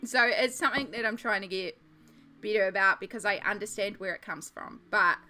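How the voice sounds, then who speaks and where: A woman's voice: medium pitch, a little fast, sharp tone, faint music behind. A woman streamer chatting casually with her viewers while colouring, giggly and self-deprecating. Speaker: art streamer.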